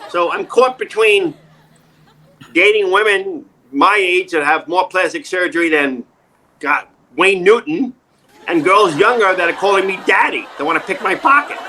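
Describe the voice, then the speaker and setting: A man's voice: high-pitched, unhurried, bright, forceful tone. A man, an acting coach, telling self-mocking comic stories in an interview, laughing often and acting out the voices he quotes, on a video call.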